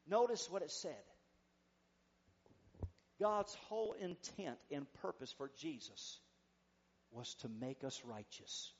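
Male pastor, high voice, fervent call-and-response preaching, slightly dull lo-fi recording. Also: big pitch swings, slow, long pauses. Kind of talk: sermon.

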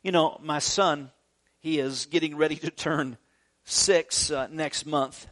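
A man in his thirties preaching a sermon as a pastor, earnest, swinging from loud urging to soft, tender tones. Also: a little high, steady tone, slow pace. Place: church grounds.

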